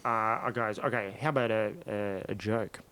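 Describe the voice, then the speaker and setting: A man co-hosting a comedy podcast, telling a story in a lively, casual way and acting out other people's lines. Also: on the low side, moderate pace, clean tone. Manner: animated, acts out other people's lines in quotes.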